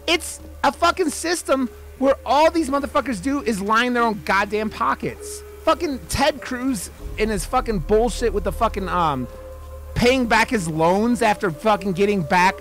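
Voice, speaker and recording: Angry high-voiced man ranting mid-stream. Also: expressive, normal speed, a bit bright, soft background music. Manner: heavy swearing, restarts mid-sentence, addresses chat viewers. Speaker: streamer playing a video game. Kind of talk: heated live-stream rant.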